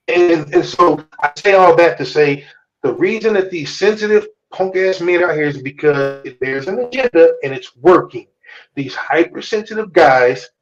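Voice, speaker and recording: A man's voice: fairly high pitch, lo-fi sound. A man hosting a live-stream talk show, speaking bluntly and preachily, with lots of swearing. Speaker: podcast host. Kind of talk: casual chat on a live stream.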